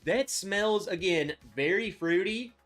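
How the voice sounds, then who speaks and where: A man's voice: sits high, slow pace, a bit bright, faint music behind. A man hosting a casual live stream, chatty and upbeat, greeting viewers by name as he talks. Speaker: livestream host reviewing whiskey.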